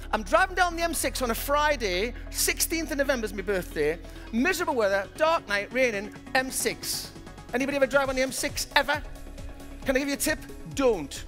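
Man, 50s, motivational keynote speaker: very high, brisk, animated storyteller, faint music underneath. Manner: lively storytelling, acts out the people he quotes. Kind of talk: keynote talk to a live audience.

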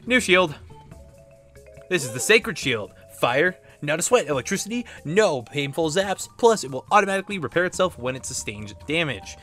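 A man's voice: fairly high pitch, big pitch swings, normal speed, a bit bright, faint music behind. A man hosting a video game playthrough, playful and chatty as he comments on what he does. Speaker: let's play host.

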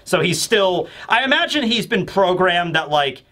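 A man's voice: sits high, very animated, normal speed, sharp tone. A man hosting a casual manga chapter review, rambling and chatty with many fillers.

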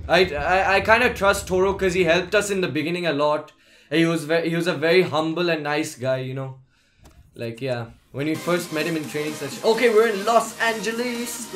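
A young man giving casual, excitable gameplay commentary, often shouting at the game. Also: on the high side, moderate pace, faint music behind. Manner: excitable, yells at the game, says "bro" and "man" a lot. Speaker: gaming YouTuber.

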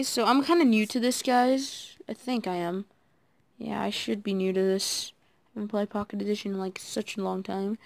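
A woman giving casual, excitable commentary while playing a game, talking to her viewers and admitting she is nervous. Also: medium pitch, creaky, no echo. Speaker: gaming video creator.

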